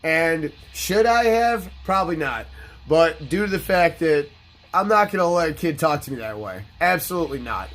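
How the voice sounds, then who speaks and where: A man with a fairly high voice tells his stories bluntly, swearing freely and sounding boastful. Faint game music plays quietly behind him. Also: lively intonation, fairly quick. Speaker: gaming channel host. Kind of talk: casual storytelling over gameplay.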